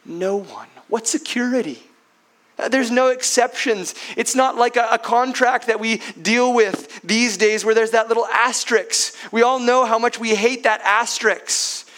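A man's voice: very high voice, a little slow, fairly bright tone. A man preaching a sermon as pastor who keeps asking his listeners rhetorical questions, often ending with tag questions.

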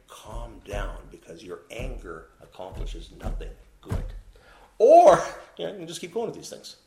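A man delivers a sermon in a lively, sweeping voice that climbs and drops as he poses questions to his listeners. The sound is roomy and echoey, as in a church hall. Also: a little high. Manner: animated preaching with rhetorical questions to the congregation. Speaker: pastor. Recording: echoey room.

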